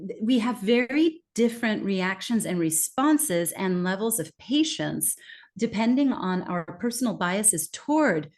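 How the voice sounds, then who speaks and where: An American woman, a guest expert, answering interview questions conversationally and acting out quoted reactions with lively bursts. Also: mid-range voice, normal speed. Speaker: guest expert on accents and communication.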